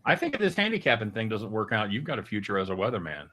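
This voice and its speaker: Lively joking host from Kansas City. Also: male voice, fairly low pitch, quick pace. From Kansas City, USA. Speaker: show host. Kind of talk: casual sports betting chat.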